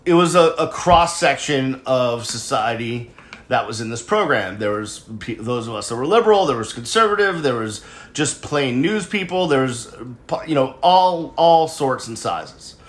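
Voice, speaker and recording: A man's voice: medium pitch, lively intonation, moderate pace, reverberant. Rambling, self-mocking man in his forties. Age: 40s. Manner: digressive, conversational, self-deprecating asides. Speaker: show host. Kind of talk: casual storytelling monologue.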